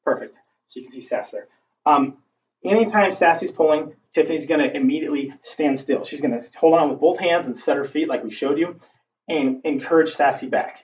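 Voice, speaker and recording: A man's voice: a little high, brisk, a little mellow. Male dog trainer, casual demo delivery, distant lo-fi recording with faint background noise. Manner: casual, talks through the steps with fillers. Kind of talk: instructional demonstration.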